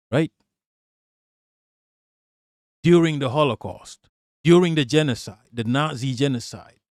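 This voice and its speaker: A man streams a reaction rant in a fairly high voice, hammering his points and swearing constantly. He is recorded close and dry, with no room sound around him. His delivery is insistent and repetitive. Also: vocal fry, a little mellow, no room sound. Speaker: live-stream political commentator.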